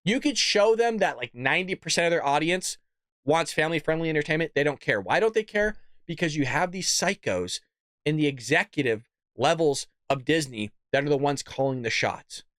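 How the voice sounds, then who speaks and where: A man hosting a political commentary show, ranting with heated, profane outbursts that swing from loud to muttered asides. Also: fairly high pitch, expressive, a little fast, dry recording, clean studio sound.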